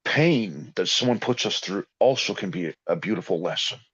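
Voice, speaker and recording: A man's voice: sits low, lively intonation, normal speed, a bit bright, husky. A man talking in a rambling, folksy, informal way in a casual conversation about healing and balance. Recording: dull lo-fi sound.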